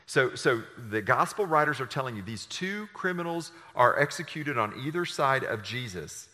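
A man's voice: medium pitch, animated, normal speed, pushed and bright. A man preaching a sermon, reading scripture dramatically with his voice rising and dropping. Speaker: pastor. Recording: long hall reverb.

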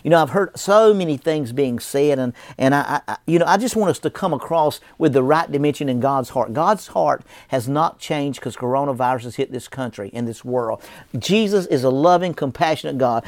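A man's voice: fairly high pitch, lively intonation, normal speed, darkish tone, no room sound. Emphatic male pastor preaching a sermon. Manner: emphatic, repetitive preaching cadence.

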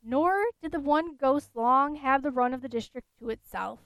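A woman reads an old ghost story aloud in a measured, steady way. Her voice is high and clear. The recording is close and dry. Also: dry recording.

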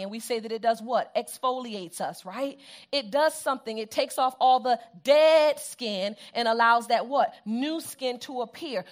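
High-voiced woman preaching with call-and-response. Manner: call-and-response, repeats phrases for emphasis. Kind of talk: sermon.

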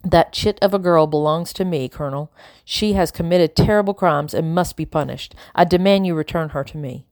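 A woman's voice: low-pitched, moderate pace, darkish tone, no room sound, clean studio sound. A woman reading a haughty, imperious lady. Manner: imperious and cutting. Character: cold haughty wealthy lady, slave owner.

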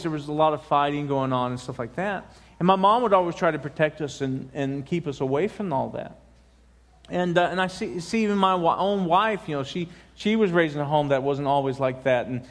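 Middle-aged pastor, informal, big echoing hall. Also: male voice, fairly high pitch. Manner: informal, rambling, with many restarts. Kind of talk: sermon. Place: large church sanctuary. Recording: long church hall reverb.

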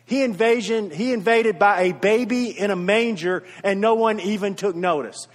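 A man's voice: high-pitched, normal speed. A man preaching a sermon as pastor, earnest and repeating his key points for emphasis, with storytelling asides. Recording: reverberant hall.

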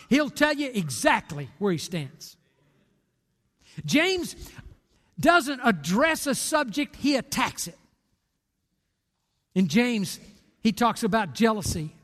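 A man's voice: very high-pitched, a bit bright. A man in his sixties preaching a sermon as pastor, emphatic and direct as he tells stories. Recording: long reverb of a large hall.

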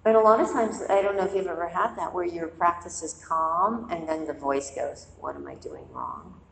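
A woman's voice: fairly low pitch, a little fast, roomy sound, long reverb tail, slight background noise, poor audio. A woman meditation teacher giving a conversational dharma talk to a group, telling stories and acting out inner voices. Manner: conversational, animated storytelling with acted-out inner voices. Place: quiet meditation hall.

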